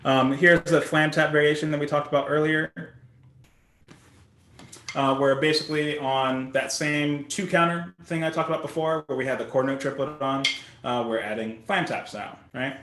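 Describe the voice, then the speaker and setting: A man teaching drumming in a casual, relaxed way, often asking "right?" as he explains patterns. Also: on the high side, normal speed, reverberant. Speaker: drum instructor. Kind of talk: casual instructional talk.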